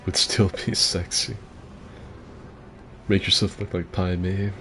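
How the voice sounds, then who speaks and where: A man with a rough, gravelly voice giving crude, joking commentary on a game fight club and answering chat as the host. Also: deep voice, level tone, slow pace, sharp tone, slight background noise. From mixed heritage, partly Asian. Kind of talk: casual gaming commentary.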